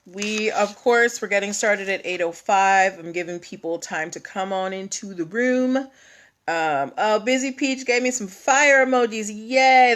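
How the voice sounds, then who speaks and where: A woman hosting a casual livestream, chatting with viewers, greeting them by name and filling pauses with ums. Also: mid-range voice, a bit bright. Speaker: livestream host.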